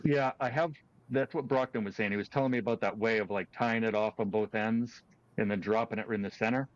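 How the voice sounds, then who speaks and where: A man hosting a casual chat, telling his own story in a relaxed, chatty way with restarts. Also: fairly low pitch, fairly quick, dry recording. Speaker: host. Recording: dull lo-fi sound.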